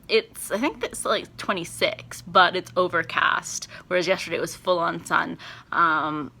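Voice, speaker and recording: A young woman talks straight to her own camera in a loose, chatty vlog. Her voice is bright and clear. She wanders between thoughts, leans on fillers and lifts readily into excitement. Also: fairly low pitch. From Canada. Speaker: vlogger and performance teacher. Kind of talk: casual vlog chat.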